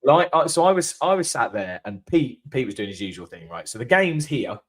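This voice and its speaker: A man's voice: medium pitch, sing-song, a little fast. A man co-hosting a casual fan chat, telling rambling anecdotes in a chatty way. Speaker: fan channel co-host. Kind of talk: casual match-reaction chat.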